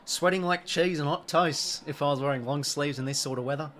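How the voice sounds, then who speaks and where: Reacting to the action as he chats casually, this young Australian live stream host runs a sports watch-along. He talks fairly quickly in a fairly high, slightly bright voice.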